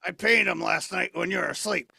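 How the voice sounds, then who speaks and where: Man putting on a gravelly, snide insult-slinging orb. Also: high voice, a little fast, dry recording, studio quality, exaggerated voice. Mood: mocking. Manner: deadpan insult comedy. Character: rude insulting talking orb, male, snide. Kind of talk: comedy double act on a video call.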